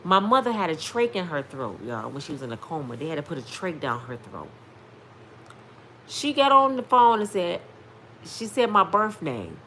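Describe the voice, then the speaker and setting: A woman's voice: on the low side, sing-song, normal speed, a bit bright, slight background noise. Emphatic woman in her fifties telling a testimony. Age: 50s. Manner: emphatic, preacher-like, addresses viewers directly. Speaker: vlogger sharing testimony. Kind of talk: casual storytelling testimony.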